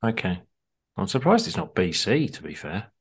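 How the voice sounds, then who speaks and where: A man's voice: low-pitched, very animated, normal speed, breathy edge. A man co-hosting a podcast, putting in dry, teasing remarks and short replies. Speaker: podcast co-host. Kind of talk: casual podcast chat.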